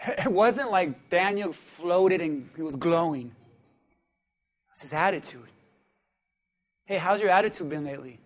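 A man with a strikingly high voice preaches a sermon from the pulpit. He pulls the congregation into call-and-response and swings between hushed asides and shouted peaks. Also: expressive, measured pace, long pauses. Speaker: pastor.

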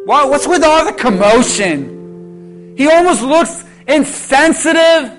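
A man preaching a sermon as pastor, calling out to the congregation and bringing them to a quiet prayer. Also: extremely high pitch, a little slow. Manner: preaching with call-and-response, from shouted peaks to a hushed altar call. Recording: music playing under the voice.

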